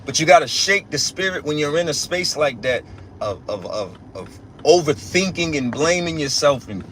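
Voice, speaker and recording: A man's voice: fairly high pitch, expressive, normal speed, fairly bright tone, a little hiss or hum. A young man giving a casual spiritual rant as a religious teacher, emphatic and profane, repeating himself and restarting often.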